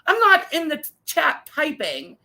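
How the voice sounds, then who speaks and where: High, gravelly woman ranting. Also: wildly swooping pitch, a little slow, pushed and bright, rough recording. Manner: ranting, exasperated storytelling with mocking mimicry. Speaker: co-host. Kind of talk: casual chat.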